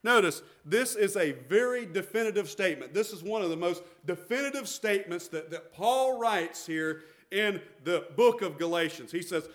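A man's voice: high-pitched, animated, moderate pace, hardly any pauses. A middle-aged man, preaching a sermon as pastor, emphatic and repetitive.

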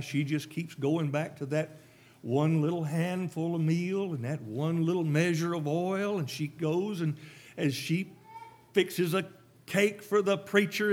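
Preacher in the pulpit, emphatic, fond of rhetorical questions, voice on the high side. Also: male voice. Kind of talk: sermon.

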